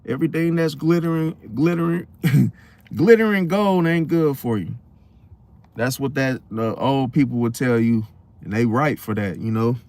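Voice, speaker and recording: A man's voice: mid-range voice, normal speed. Slangy young man telling a story. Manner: slangy, animated retelling, acts out quotes. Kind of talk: casual storytelling.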